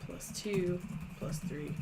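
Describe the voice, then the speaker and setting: A woman playing in a tabletop game, making short, quiet remarks. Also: lowish voice, slow, creaky, very noisy. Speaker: player. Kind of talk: casual tabletop game play.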